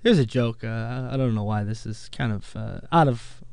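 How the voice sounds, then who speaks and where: Rambling man hosting with a gravelly voice. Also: mid-range voice, normal speed, darkish tone, no room sound. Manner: rambling, full of fillers and asides. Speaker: host. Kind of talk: casual rambling monologue.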